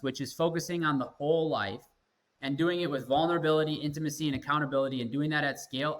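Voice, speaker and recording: A man's voice: medium pitch, a bit bright, poor audio. A man in his thirties, a guest in a casual interview, talking earnestly and with energy, often repeating himself for emphasis. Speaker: guest, company executive.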